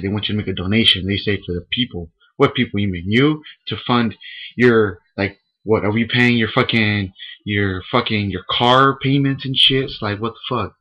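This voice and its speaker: A man's voice: fairly low pitch, highs cut off. A young man in a casual, rambling and profane webcam rant from a room at home. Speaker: vlogger. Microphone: webcam microphone.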